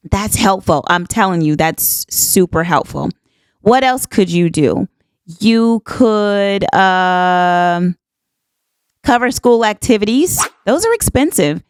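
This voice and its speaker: Talking at an unhurried pace, a podcast host in her fifties offers a casual, folksy monologue, earnest and emphatic, dropping "y'all" and "honey child" and repeating points to drive them home. Her voice is mid-range, animated, and smooth, with no echo.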